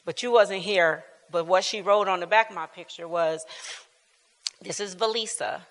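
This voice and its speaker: A woman's voice: lowish voice, normal speed. A woman in her fifties leading a church Bible class, telling personal family stories in an earnest, informal way and laughing often. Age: 50s. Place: church hall. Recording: reverberant church hall.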